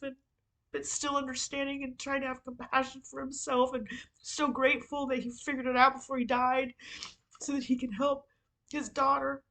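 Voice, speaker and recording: A woman with a voice on the high side, talking straight to her listeners in an open, confessional vlog. She rambles, fills her talk with "you know" and "like," and drops casual swear words. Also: a bit bright, poor audio. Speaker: podcast host. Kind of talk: candid personal vlog monologue.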